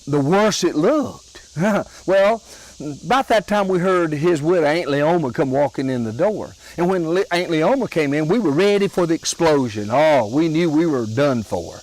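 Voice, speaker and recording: An older man from Alabama with a Southern accent, telling homespun humorous stories in a slow, drawling way with chuckles. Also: fairly high pitch, animated, darkish tone, rough recording. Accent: Southern American. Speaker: storyteller. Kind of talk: folksy humorous storytelling.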